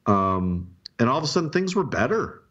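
A man's voice: medium pitch, big pitch swings, normal speed, a bit bright, muffled recording. A man co-hosting a podcast, chatting casually about politics and rambling with frequent restarts. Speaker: podcast co-host.

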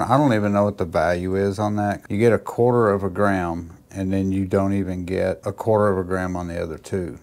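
A man reviewing gold pay dirt at home, chatting to his viewers and getting excited over finds. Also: sits low. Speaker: gold prospecting YouTuber. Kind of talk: casual chat, reviewing and weighing gold.

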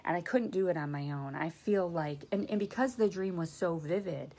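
A woman's voice: fairly low pitch, normal speed, warm tone. A woman hosting a faith video, casually teaching about dreams and reading scripture aloud in an earnest, conversational way.

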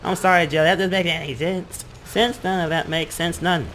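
A man's voice: on the high side, steady tone, a little fast, a bit bright, slight background noise. A man giving let's-play commentary, exclaiming, swearing and mocking what happens on screen. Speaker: gaming commentator.

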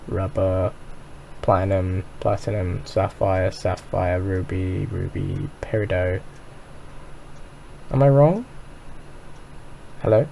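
A man with a somewhat low, gravelly voice plays a game and rambles along at an unhurried pace. He mocks his own mistakes as he goes, and his throat sounds a bit dry. Faint room noise and keyboard typing sit under his voice. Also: mellow. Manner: rambling, self-mocking, thinks aloud. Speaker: gaming YouTuber. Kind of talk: Minecraft let's play commentary.

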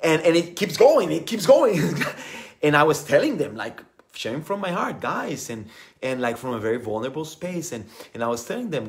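A middle-aged man giving a motivational talk as a spiritual coach, animated and earnest, full of fillers. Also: medium pitch, moderate pace. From Costa Rica.

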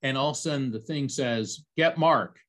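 Man from Central Florida, medium-pitched, podcast guest spinning an animated personal story. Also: fairly quick. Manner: animated storyteller, lively jumps in pitch on quoted lines.

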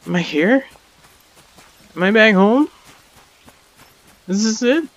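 A man's voice: sits high, lively intonation, slow, a bit bright, no room sound, highs cut off. A man playing a survival game, reacting aloud in panicky, exclamatory bursts and talking to himself. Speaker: gamer. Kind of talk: let's play commentary.

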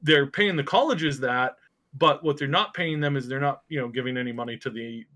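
A man's voice: medium pitch, a little fast, sharp tone. A man hosting a casual gaming podcast, rambling with many fillers and restarts. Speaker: podcast host.

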